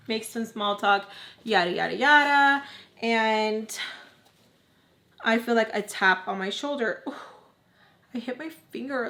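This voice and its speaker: A woman's voice: a little high, normal speed, long pauses, fairly bright tone. A young woman casually telling a storytime while doing her makeup, full of "like" and acting out what people said. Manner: chatty, heavy use of "like", acts out quoted voices. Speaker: storytime vlogger.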